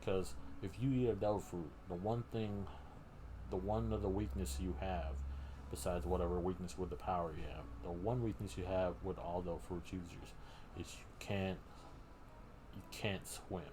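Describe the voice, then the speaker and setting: Deep-voiced man rambling through a recap. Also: flat delivery, moderate pace. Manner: rambling, full of fillers and restarts. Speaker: streamer host. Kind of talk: casual live-stream recap. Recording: background noise.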